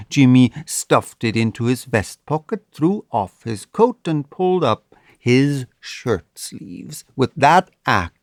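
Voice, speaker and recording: Slow, expressive male story narrator. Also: mid-range voice, no room sound, clean studio sound. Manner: expressive, measured. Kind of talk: scripted audiobook narration.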